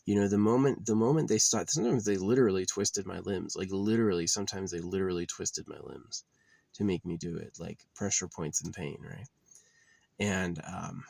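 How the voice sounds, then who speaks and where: A man's voice: low-pitched, creaky, no echo. A man delivering a bitter, profane, rambling monologue as a vlogger.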